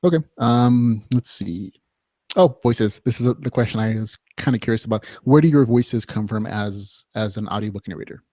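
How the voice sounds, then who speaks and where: A man's voice: on the low side, normal speed, warm tone, no echo, clean studio sound. A man hosting a podcast interview, talking casually and a little hesitantly. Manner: hesitant, casual, with fillers and restarts. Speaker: podcast host.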